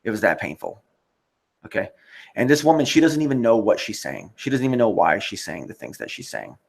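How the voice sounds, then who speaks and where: A man's voice: fairly low pitch, sing-song, brisk, creaky, breathy edge. A man hosting a livestream, giving rambling, profane commentary and reading out chat comments. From United States. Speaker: livestream host.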